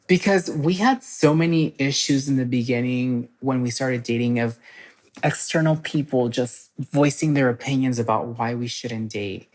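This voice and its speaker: A woman guest telling personal stories in casual podcast chat, animated and full of "like" fillers. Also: rumbling low. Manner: animated, fast storytelling with many "like" fillers.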